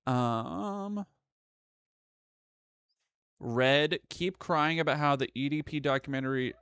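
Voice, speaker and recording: A man's voice: on the high side, slow, a bit bright, smooth, dry recording, studio quality. A young man hosting a live stream, chatting casually and reading donations, rambling with frequent restarts and swearing. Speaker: streamer host.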